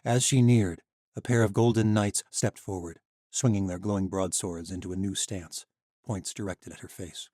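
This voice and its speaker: A man reading scripted audiobook narration in a steady, even way. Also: low voice, moderate pace, dry recording, studio quality.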